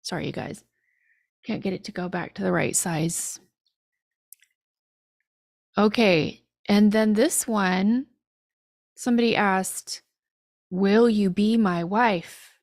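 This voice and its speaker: A woman teaching an online language lesson, sounding out phrases slowly and carefully with light laughs between tries. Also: mid-range voice, creaky, dry recording, clean studio sound. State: frog in her throat.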